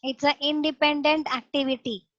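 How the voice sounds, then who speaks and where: A woman teaching a young class online, explaining slowly and patiently step by step. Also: high voice, fairly even intonation, fairly bright tone, no room sound. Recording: dull lo-fi online class audio.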